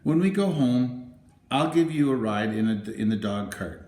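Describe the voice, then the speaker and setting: A man's voice: medium pitch, animated, normal speed, darkish tone, natural voice. A man voicing a cheerful little girl who helps in a store, with an eager, chatty manner. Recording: roomy, echoey room.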